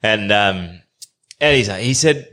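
A man's voice: lowish voice, lively intonation, slow, bright, forceful tone. An Australian man in his thirties, a podcast guest spinning a long rambling travel yarn in an easygoing way. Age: 30s. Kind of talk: casual storytelling.

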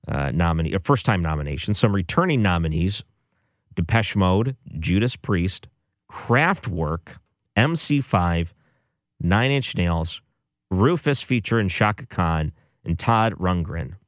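A man's voice: sits low, expressive, measured pace, no echo, clean studio sound. A man hosting a show, giving casual music commentary with a sarcastic, exasperated manner. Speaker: radio or podcast host.

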